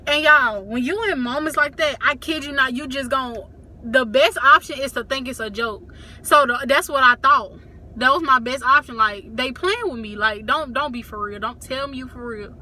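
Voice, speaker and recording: A woman's voice: sits high, normal speed, bright, forceful tone, slight background noise. A young woman telling a family story to camera in a casual storytime, addressing viewers directly and acting out what people said. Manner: talks straight to viewers, acts out quotes.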